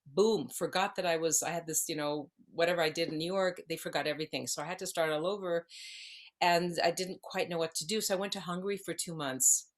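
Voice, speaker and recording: Brief: woman, around sixty, slightly low voice, digressive interview storyteller. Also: brisk. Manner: rambling, digressive, circling back. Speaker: actress guest.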